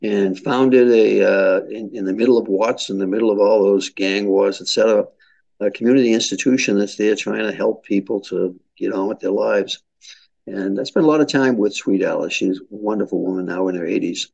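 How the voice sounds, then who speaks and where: An older man from Boston with a Boston accent, answering interview questions in a measured way with frequent hesitations. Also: fairly low pitch, fairly even intonation, a little mellow, dull audio. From Boston, USA. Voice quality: gravelly, husky. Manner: measured, hesitant with many fillers. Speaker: interview guest.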